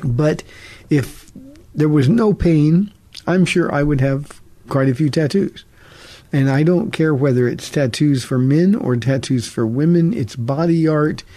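A man's voice: a little high, unhurried, dark tone. A man, a pastor, answering listener questions on a radio call-in teaching show in an earnest, conversational way with frequent restarts.

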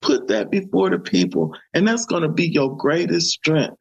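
A woman's voice: on the low side, expressive, moderate pace, vocal fry, breathy edge, highs cut off. A woman who founded a community ministry, a guest in an interview, speaking with fervent, repetitive, preacher-like emphasis. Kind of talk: conversational interview testimony.

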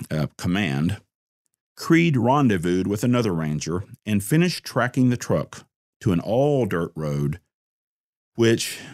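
Male storyteller, deep and unhurried, dry close sound, scripted crime narration. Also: darkish tone, no echo.

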